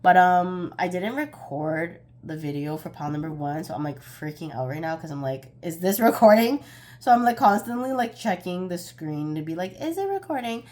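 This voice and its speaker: A woman's voice: low voice, normal speed, hardly any pauses, darkish tone. A young woman giving a casual pick-a-card tarot reading, chatty and a bit scattered, often laughing at herself.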